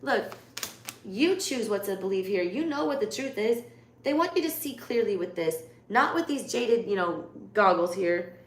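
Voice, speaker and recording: A woman's voice: mid-range voice, animated, moderate pace. A woman with a Southern US accent giving a live tarot reading in casual chat, blunt and swearing freely. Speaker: tarot reader. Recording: echoey room, faint background noise.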